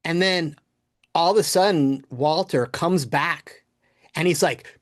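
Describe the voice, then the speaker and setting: A man's voice: on the high side, slow, no echo. Chatty man telling a story, dry sound. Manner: animated anecdote with quoted voices and laughter. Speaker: podcast guest, former game producer. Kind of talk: casual storytelling.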